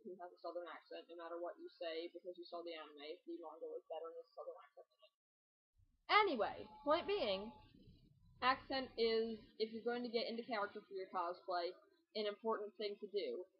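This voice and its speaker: A woman's voice: medium pitch, slightly rough, dull audio. Chatty young woman giving cosplay tips. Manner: chatty, joking, rambling asides. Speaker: cosplay vlogger. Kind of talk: casual tutorial talk.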